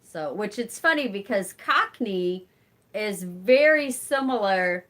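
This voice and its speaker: A woman's voice: medium pitch, animated, takes it slowly, fairly bright tone. A woman with a Southern Illinois accent hosting a casual live-stream chat, answering viewers by name and laughing often. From Southern Illinois, rural community. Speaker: channel host reading live chat.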